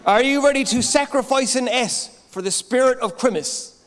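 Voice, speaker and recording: A man's voice: very high voice, moderate pace, fairly bright tone. A man with a Newfoundland accent doing a chatty stand-up monologue as host of a live awards show, tagging lines with "right?". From Newfoundland, Canada. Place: large armoury hall at a live event. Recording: live hall reverb.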